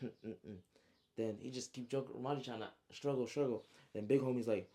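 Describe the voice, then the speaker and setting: A man casually recapping his own story, slangy and animated, with frequent asides. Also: medium pitch, fast.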